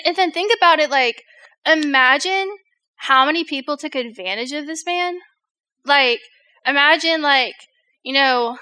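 A woman's voice: sits high, bright, forceful tone. A young woman giving a casual, chatty sermon to a youth group, full of fillers and jokes aimed at her listeners.

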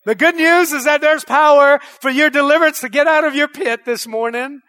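A male pastor with a very high voice preaches a fervent sermon a little fast. He fires rhetorical questions at the congregation and rises to loud declarations.

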